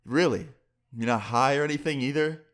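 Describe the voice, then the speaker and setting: A man's voice: medium pitch, a little fast, fairly bright tone, pitched above the performer's own voice, lightly acted. A man voicing an angry, suspicious middle-aged father who interrogates and swears at teenagers.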